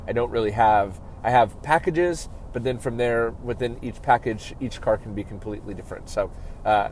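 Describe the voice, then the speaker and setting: A man's voice: on the low side, a little mellow, slight background noise. A man hosting a podcast, giving casual business advice in a chatty way. He keeps checking in with "right?" and often restarts his sentences. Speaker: podcast host and auto detailer.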